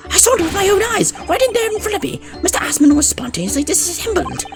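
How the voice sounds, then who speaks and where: A woman voicing an eccentric, excitable male mad scientist, high-pitched and rambling in a gushing rush, reading game dialogue aloud. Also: fast, heavily acted. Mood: defensive. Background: game music.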